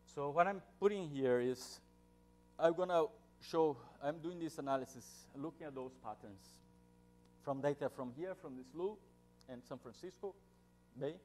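A man's voice: fairly high pitch, normal speed, darkish tone, soft background music. A man with a Brazilian Portuguese accent giving an academic seminar talk, speaking informally with jokes, many fillers and restarts.

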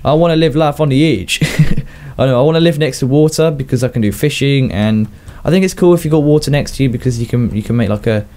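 A young gaming YouTuber from southern England delivers casual Minecraft commentary in a rambling, fast style, chatting to himself. His mellow, warm voice sits at an ordinary pitch, and he keeps chuckling at his own jokes.

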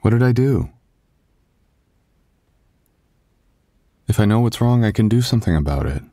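A man's voice: lowish voice, expressive, fast, warm tone, no echo, clean studio sound. A man playing a stammering, apologetic husband. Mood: puzzled. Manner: stammering, soothing. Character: loving young husband, anxious and apologetic. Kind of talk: ASMR boyfriend role-play.

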